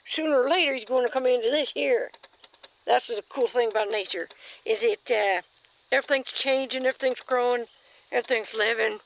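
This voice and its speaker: Folksy woman vlogger, bright and somewhat high-pitched, chatty and easily excited, filming close up outdoors in her garden. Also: low-quality recording. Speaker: nature vlogger. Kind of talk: casual nature walk-and-talk.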